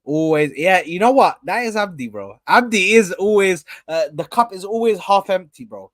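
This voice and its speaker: A young man hosting a casual live stream, rambling and repeating himself as he gives shout-outs to viewers. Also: high voice, animated, normal speed, no echo, studio quality.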